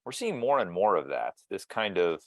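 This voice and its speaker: A man's voice: low voice, sing-song, normal speed, no room sound. A man interviewing guests over a video call, thoughtful and musing, with frequent restarts. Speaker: interviewer and mediator.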